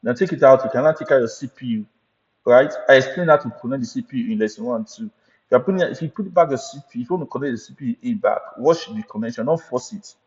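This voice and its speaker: A man's voice: mid-range voice, fast, darkish tone. Man, IT instructor, repetitive lecture, frequent check-ins, muffled sound, long reverb. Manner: repetitive, checks in with "right?" and "you understand?". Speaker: IT certification instructor. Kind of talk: recorded training lecture.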